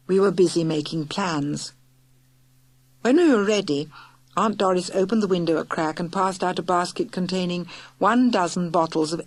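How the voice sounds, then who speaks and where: Woman reading a children's story aloud. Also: lowish voice. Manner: lively, clear storytelling. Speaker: audiobook reader. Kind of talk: storybook narration.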